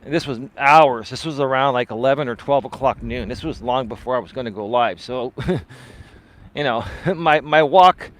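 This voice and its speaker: A man, a life coach, chatting live with viewers while out on a walk, swinging his pitch up and down and often asking "right?". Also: moderate pace. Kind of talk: live-stream chat answering viewer comments. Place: outdoors on a walk.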